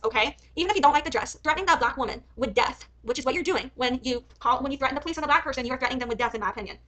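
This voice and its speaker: A woman's voice: sits high, bright, forceful tone, low-quality recording. A woman streamer giving heated reaction commentary, often swearing and ranting angrily. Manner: heated, swearing, angry rants.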